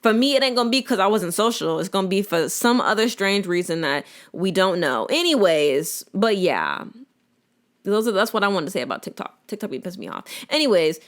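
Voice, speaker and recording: A woman's voice: mid-range voice, fairly quick. A young woman hosting a solo podcast, talking casually and opinionatedly straight to her listeners. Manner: animated, opinionated, colloquial, talks straight to listeners. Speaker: podcast host.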